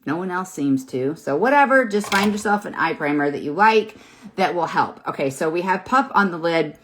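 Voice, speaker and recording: A woman's voice: fairly low pitch, expressive, normal speed, fairly bright tone, a little hiss or hum. A woman in her fifties hosting a live makeup tutorial, chatty and encouraging, rambling a little with fillers as she works on camera. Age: 50s. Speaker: makeup seller and host. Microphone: phone or webcam in front of her.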